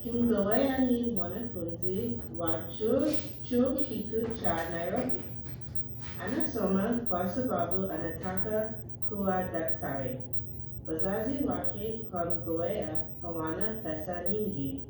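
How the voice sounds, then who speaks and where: A young woman student reading a passage aloud in class, halting and stumbling over words. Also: medium pitch, noisy background. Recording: echoey classroom, distant from the mic.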